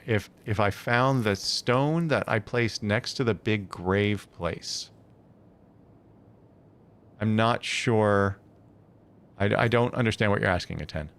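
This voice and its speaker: A man's voice: on the low side, slow, pauses often, smooth. A man live-streaming a building game, chatting casually and thinking aloud with many hesitant self-corrections.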